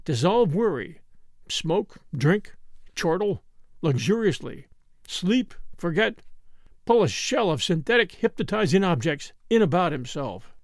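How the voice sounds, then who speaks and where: A man narrating a story as an expressive audiobook reading. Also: high-pitched, a little slow, no room sound, studio quality.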